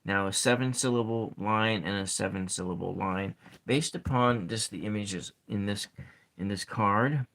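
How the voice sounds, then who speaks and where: A man hosting a soft-spoken ASMR poetry session, talking in a slow, halting way and counting syllables aloud. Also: lowish voice. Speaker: ASMR channel host.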